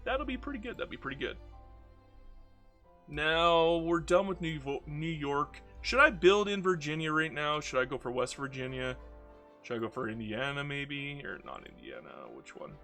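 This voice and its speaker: Bright, chatty American man. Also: a little high, lively intonation, moderate pace, vocal fry, soft background music. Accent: regional American accent. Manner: chatty, self-mocking, exclaims at the game. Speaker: video game streamer. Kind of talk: casual gameplay commentary.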